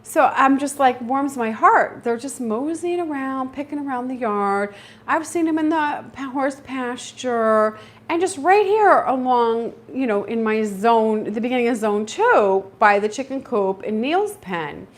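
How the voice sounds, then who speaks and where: Chatty woman with a lively, high voice. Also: measured pace. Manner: chatty and animated, acts out her own reactions. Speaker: homesteading channel host. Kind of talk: casual livestream chat.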